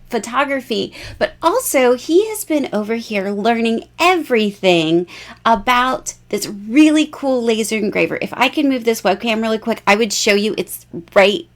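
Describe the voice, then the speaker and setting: A bubbly, chatty woman in her forties, hosting a casual jewelry live stream and laughing often. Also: a little high.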